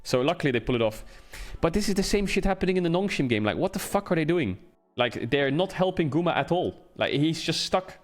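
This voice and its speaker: A man's voice: fairly high pitch, expressive, fairly quick, few pauses. A man streaming casual game commentary, ranting and swearing, with lots of emphatic repetition.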